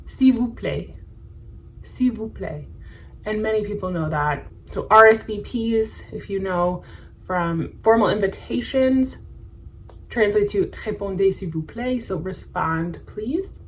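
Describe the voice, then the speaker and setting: Woman teaching beginner travel phrases, steady mid-pitched voice, demonstrates each one by repeating it. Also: a little hiss or hum, rough recording. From United States. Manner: repeats phrases slowly for practice. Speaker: French language teacher. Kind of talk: casual language lesson.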